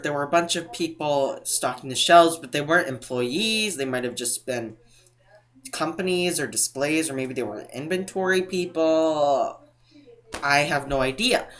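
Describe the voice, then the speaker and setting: Casual vlogger man with a bright, forward tone, chatty and digressive, often restarting his sentences. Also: a little high. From New England. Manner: rambling, self-interrupting, mimics other people. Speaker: couponing vlogger. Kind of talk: casual storytime.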